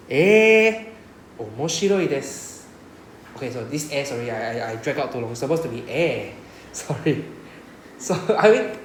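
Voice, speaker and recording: A man's voice: a little high, a little hiss or hum. Singaporean guy teaching japanese, patient, keeps asking right?, roomy class sound. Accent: Singaporean English. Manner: explains patiently, asks "right?" often, mixes in Mandarin. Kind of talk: classroom lecture.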